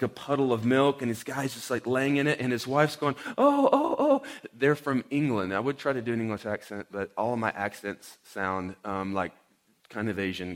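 A man's voice: medium pitch, a bit bright. Man preaching in a casual storytelling way. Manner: casual storytelling with fillers and acted quotes. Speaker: pastor. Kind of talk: conversational sermon with personal story.

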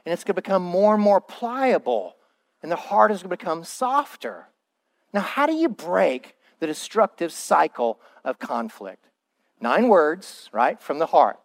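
A man's voice: sits high, sing-song, unhurried. A male pastor preaching a sermon in a church, acting out quoted excuses in a raised voice.

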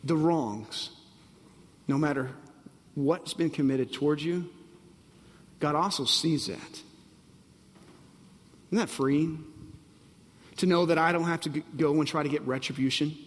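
A man's voice: fairly high pitch, measured pace, pauses often, in a large hall. A man preaching a sermon, emphatic and repetitive, often asking the congregation if they are ready. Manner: emphatic, repeats phrases, asks the audience if they're ready. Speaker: pastor.

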